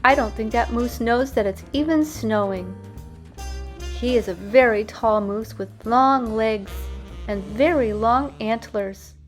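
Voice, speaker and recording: A woman teaching young children, sounding out words slowly and spelling them letter by letter. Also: a little high, soft background music.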